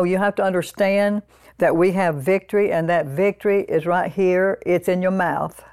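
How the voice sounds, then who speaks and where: Low-voiced woman preaching a conversational sermon. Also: darkish tone, dry recording, studio quality. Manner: conversational, with frequent "you know" asides; slows down to read scripture aloud.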